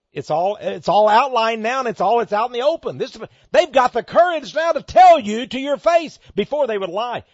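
A man giving an emphatic monologue, reading an article aloud and commenting on it, with sudden loud stresses. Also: high-pitched, no room sound, lo-fi sound.

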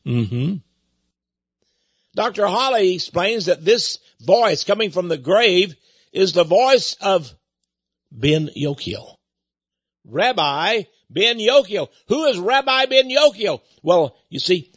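Man, high husky voice, emphatic dramatic lecturer who repeats himself, dull dry lo-fi tape. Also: very animated, measured pace, a bit bright, no echo. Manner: emphatic, repeats words, lingers on key phrases. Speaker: lecturer on religion.

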